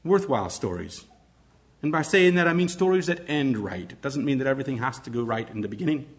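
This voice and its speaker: A man teaching fellow educators how to read stories aloud, with an expressive, demonstrative delivery. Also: medium pitch, fast talker. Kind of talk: instructional talk on read-aloud storytelling.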